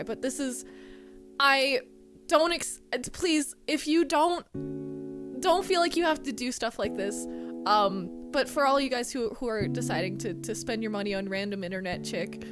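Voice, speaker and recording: High, lively young woman streamer. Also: measured pace, pauses often, over music. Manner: excitable, swearing, thanking donors. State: close to tears. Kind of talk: casual live-stream chat.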